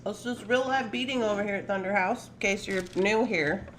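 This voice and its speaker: A slightly bright, medium-pitched woman's voice at ordinary speed belongs to a livestream host doing a laid-back morning stream from her home workroom. She says hello to viewers by name, chats, and playfully teases her cats, with a bit of background noise.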